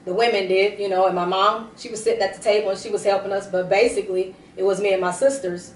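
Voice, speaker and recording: A woman's voice: mid-range voice, steady tone, fast, a little hiss or hum. A woman giving a tearful personal testimony, rambling with many restarts. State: teary. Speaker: prophetess broadcasting a service. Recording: roomy, distant from the mic.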